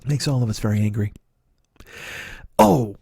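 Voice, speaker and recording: A man's voice: on the low side, expressive, moderate pace, vocal fry, warm tone, breathy edge, no room sound, clean studio sound. A man in his forties doing a profane, ranting comedy podcast monologue, full of laughs and restarts. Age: 40s. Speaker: podcast host.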